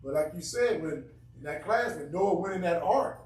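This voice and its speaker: Speaking at an ordinary pace, a man makes an earnest, emphatic point during a Bible study discussion, his somewhat high, slightly mellow voice full of lively intonation. The sound is distant and echoey, with faint noise.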